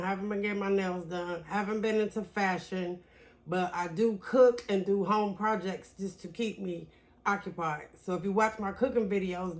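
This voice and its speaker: A woman vlogger talking candidly and confidingly to her viewers in a casual vlog. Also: mid-range voice.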